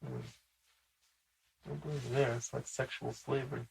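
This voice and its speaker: Gravelly, husky man with dry remarks. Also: medium pitch, fairly even intonation, moderate pace.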